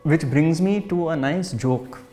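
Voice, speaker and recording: A man's voice: fairly high pitch, a little slow, soft background music. Man telling spiritual anecdotes. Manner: relaxed storytelling with chuckles. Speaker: spiritual speaker. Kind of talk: spiritual talk with anecdotes and jokes.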